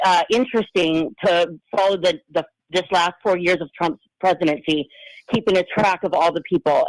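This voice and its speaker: A woman's voice: on the low side, no room sound, poor audio. A woman calling in to a talk show, chatting in a rambling way with many restarts and fillers. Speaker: caller. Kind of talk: call-in radio chat.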